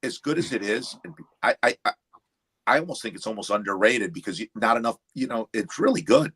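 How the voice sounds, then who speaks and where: An older man chats casually with friends, spinning stories and tossing in movie quotes. His pitch swings freely and his voice has a bright, forward edge. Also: expressive, a little fast, slightly rough. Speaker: livestream host. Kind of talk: casual chat over drinks.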